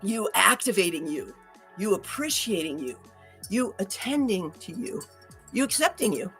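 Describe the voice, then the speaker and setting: A woman's voice: mid-range voice, big pitch swings, moderate pace, a bit bright, slightly rough, faint music behind. A woman hosting a casual talk, chatty and upbeat, laughing often and restarting her sentences. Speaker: host.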